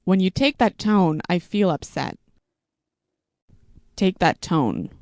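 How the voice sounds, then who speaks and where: A woman reading vocabulary words and example sentences for English learners, in a slow, deliberate, evenly paced way. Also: on the low side, very animated, a little mellow, no room sound. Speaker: English teacher.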